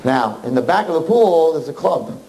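A man, a rabbi, telling a story to an audience in an animated, emphatic way, often slipping into the voices of the people in it. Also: a little high, fairly quick, rough recording.

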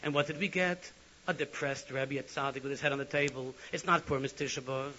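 A man's voice: fairly even intonation, fast talker, close to an everyday voice. A man voicing a bold, devoted Hasid who pleads with his rebbe, on a lo-fi recording with faint hiss. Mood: indignant. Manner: impassioned pleading, climbing higher and louder.

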